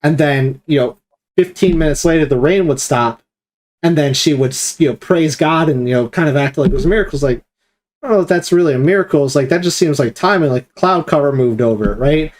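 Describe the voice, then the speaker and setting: A man's voice: on the high side, a little fast, a little mellow. A man leading a streamed Bible study discussion, explaining at length and acting out quoted commands with emphasis.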